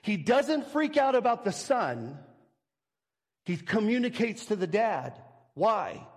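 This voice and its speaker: A man's voice: high voice, sing-song, takes it slowly, in a large hall. A male pastor preaching a sermon, walking through a scripture passage with rhetorical questions and acted-out scenes.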